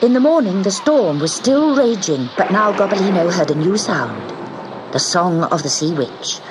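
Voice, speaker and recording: Lively woman narrating a storybook. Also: fairly low pitch, moderate pace. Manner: lively, expressive reading. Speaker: audiobook narrator. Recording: audiobook with steady hiss.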